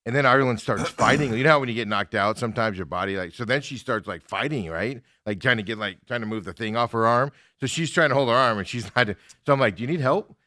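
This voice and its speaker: A man's voice: medium pitch, fast talker, hardly any pauses, no room sound, studio quality. A middle-aged man hosting a sports radio show, telling stories in casual chat and laughing often. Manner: animated storyteller, laughs often. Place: radio studio.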